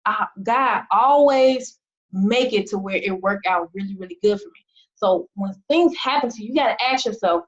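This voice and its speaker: At a moderate pace and medium pitch, an American woman who coaches and leads a team gives her online group an intense, emphatic motivational talk, asking one rhetorical question after another. The audio sounds dull.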